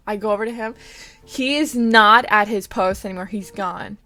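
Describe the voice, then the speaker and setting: A woman vlogger tells a rambling story-time tale in a loose, chatty way. She swears freely and drops to a whisper when quoting herself. Soft music plays faintly underneath. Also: medium pitch, fairly even intonation, moderate pace. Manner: chatty, swearing, laughing storyteller who whispers quoted asides.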